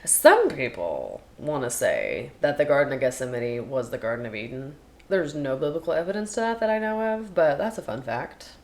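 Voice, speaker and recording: A woman with a notably low voice talks through scripture in a relaxed, chatty way. She retells the passages in her own words as a podcast co-host. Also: moderate pace. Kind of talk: casual Bible study chat.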